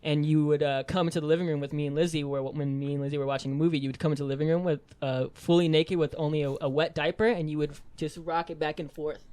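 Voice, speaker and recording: A young man co-hosting a podcast, telling family stories in a loose, swearing, animated way. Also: fairly high pitch. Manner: fast, swearing, animated storytelling. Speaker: podcast co-host. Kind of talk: casual chat.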